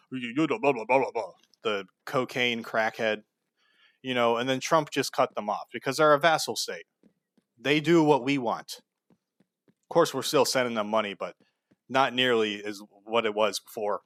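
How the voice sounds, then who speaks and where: A man's voice: medium pitch, fairly bright tone, no echo, studio quality. A man giving heated, sarcastic political commentary, blunt and full of profanity. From United States.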